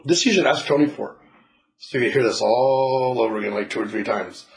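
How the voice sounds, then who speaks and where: A man's voice: mid-range voice, fairly quick, rough recording. A man giving a casual spiritual reading to a client, blunt and swearing, often laughing and acting out what people say. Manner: blunt, swears freely, laughs, acts out quotes. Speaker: spiritual reader.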